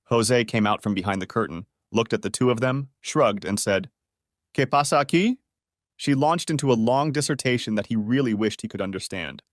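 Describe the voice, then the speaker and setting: A man's voice: on the low side, fairly quick, hardly any pauses, no room sound, studio quality. Man reading a family drama story. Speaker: narrator. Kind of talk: scripted story narration.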